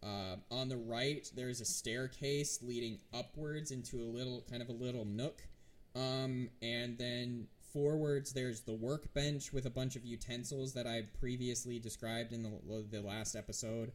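Slow, hesitant man game master. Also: medium pitch, steady tone. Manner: hesitant, many fillers and restarts. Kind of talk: narrating a tabletop game.

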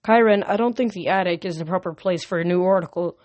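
A woman's voice: lowish voice, quick pace, darkish tone, no echo, natural voice. A woman reading a storybook aloud, voicing a breezy, boastful male sun god with an upbeat manner.

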